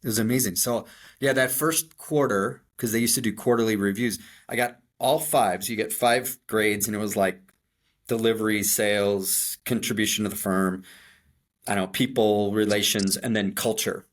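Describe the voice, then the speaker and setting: In a lowish voice at normal speed, a middle-aged man from Chicago with a Chicago accent tells stories as a podcast co-host. The conversational telling is animated and self-deprecating, full of restarts.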